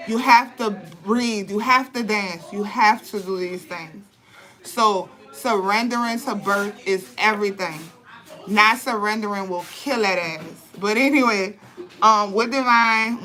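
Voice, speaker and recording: A young woman telling birth stories and giving advice in blunt, profane, animated casual talk. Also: medium pitch, low-quality recording. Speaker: vlogger, birth advocate. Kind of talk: candid casual talk to camera.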